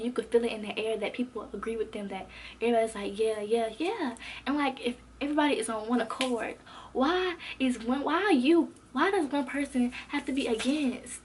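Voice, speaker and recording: A young woman spins a storytime in a bright, somewhat high voice, lively and full of slang. She jumps into other people's lines as she recounts them. A faint hiss sits under her voice. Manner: animated, expressive, slangy, acts out quotes. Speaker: vlogger. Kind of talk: casual storytime.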